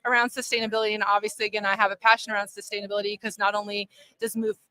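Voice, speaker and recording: A chatty woman talking at a conference, with an easy, friendly flow. Her pitch sits in the middle, and she laughs often between points. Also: little pitch movement, racing, pushed and bright. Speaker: guest. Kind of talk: casual live chat. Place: conference hall.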